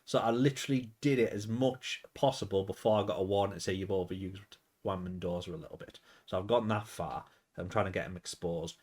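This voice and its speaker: A man's voice: fairly low pitch, slightly rough. A man giving casual, chatty commentary on his management game, rambling and thinking aloud.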